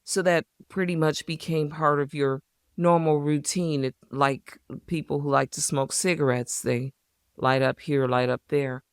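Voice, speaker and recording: An interviewer with a smooth, resonant voice asks measured, prompting questions in a gentle tone. The pitch is mid-range. The sound is dry and close, with no room echo. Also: fairly even intonation. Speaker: interviewer and host.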